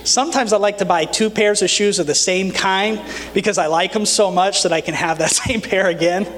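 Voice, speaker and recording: A man preaching a sermon as the pastor of a church, earnest and animated, with light humor. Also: high voice, fairly quick. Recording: long reverb of a church hall.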